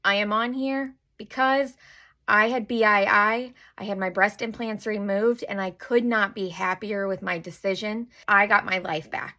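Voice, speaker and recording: A woman's voice: mid-range voice, fairly bright tone. A woman telling her personal story straight to camera in a candid, nervous, self-deprecating way, at times tearful. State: emotional, tearful. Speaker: vlogger.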